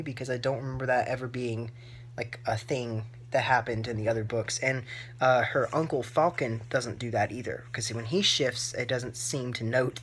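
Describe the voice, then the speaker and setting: A woman's voice: rumbling low, slight background noise. A woman book vlogger reacting live to her reading, emotional and gushing, close to tears and full of "like" fillers.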